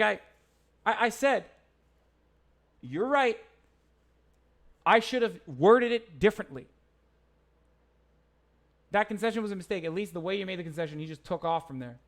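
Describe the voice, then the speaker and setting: Heated high-voiced young man streaming. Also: a bit bright. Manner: heated, profane, rambling with restarts. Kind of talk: livestream reading chat and commenting.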